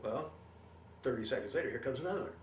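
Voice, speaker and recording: An older man, a veteran, telling his war experiences in an oral history interview, lively storytelling that acts out what others said. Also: medium pitch, fast. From Canada. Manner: animated storytelling, acts out quoted voices. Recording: roomy, mic at a distance, faint hiss.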